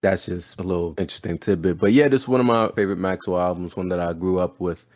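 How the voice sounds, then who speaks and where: A man's voice: deep voice, quick pace, a little mellow. A young man hosting a casual music podcast, telling a story animatedly and quoting his dad with lots of laughter. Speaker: podcast host. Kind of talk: casual chat.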